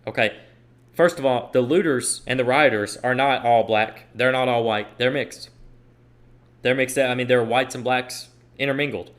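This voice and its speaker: A man's voice: mid-range voice, normal speed. A man hosting a solo podcast, giving opinionated commentary and repeating his points for emphasis. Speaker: podcast host.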